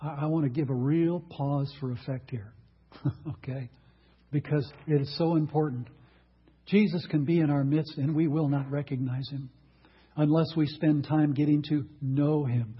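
A man's voice: high-pitched, normal speed, slightly rough, highs cut off. A man preaching a sermon, emphatic, asking the congregation rhetorical questions.

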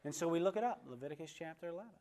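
A man's voice: a little high, expressive, rapid-fire, warm tone. A man teaching a conversational Bible lesson. He tells a story and then asks the class questions, calling on people by name.

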